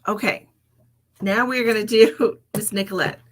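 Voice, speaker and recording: A woman's voice: mid-range voice, steady tone, a little slow. A woman giving live psychic readings as a medium, chatting casually, laughing often and dropping into whispered asides.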